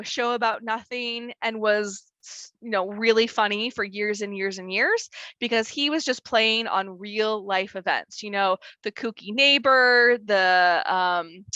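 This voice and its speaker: A woman's voice: mid-range voice, bright, forceful tone, clean tone, no echo. A young woman presenting an online wellness workshop in a chatty way, with many fillers and easy laughter.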